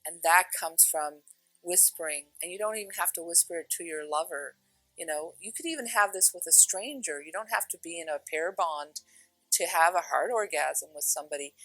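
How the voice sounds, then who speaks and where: A woman talks casually as a spiritual teacher, her voice bright and forward. She tells stories in an animated way, acting out what others said. The sound is dry and close, with faint music underneath. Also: on the low side, brisk, dry recording, rough recording. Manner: animated storyteller, acts out quotes.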